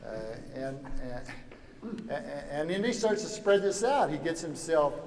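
This Louisiana man's voice sits on the high side, animated yet measured in pace, with a darkish tone. He's giving a joking, wry, anecdotal lecture at a summer seminar, full of "you know" asides, captured in an echoey hall with faint background noise.

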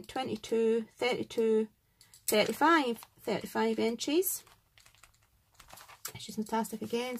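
A Scottish woman in a casual craft vlog who talks in an excitable, gushing way, thanking viewers and counting out items. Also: a little high. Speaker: craft vlogger. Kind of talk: casual chat unboxing and scoring craft entries.

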